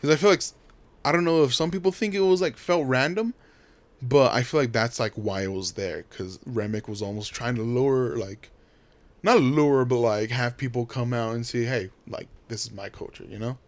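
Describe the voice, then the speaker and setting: A man's voice: medium pitch, normal speed. Young male podcast co-host, rambling, filler-heavy chat, mid-range voice. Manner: rambling, many fillers, animated.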